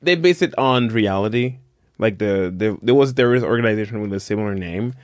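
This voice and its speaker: A man's voice: fairly low pitch, brisk, no room sound, studio quality. A man co-hosting a podcast, running a quiz in a playful mock-grand tone, then chatting casually. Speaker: podcast co-host. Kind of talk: casual chat. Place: Paris.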